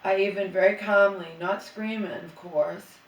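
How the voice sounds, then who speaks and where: This middle-aged woman vents in a heated, swearing ramble, doubling back and restarting her sentences. Her voice sits at an ordinary pitch for a woman. It echoes around a room, picked up from some distance off the mic. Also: fairly even intonation, normal speed, lo-fi sound. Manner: agitated, profane, rambling with restarts. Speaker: vlogger. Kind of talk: emotional venting monologue.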